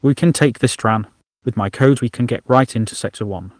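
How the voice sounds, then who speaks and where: A man's voice: medium pitch, brisk, no echo, studio quality, lightly acted. A man voicing a wounded male alien who talks through coughs and rising panic. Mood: strained. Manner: shouting, coughing.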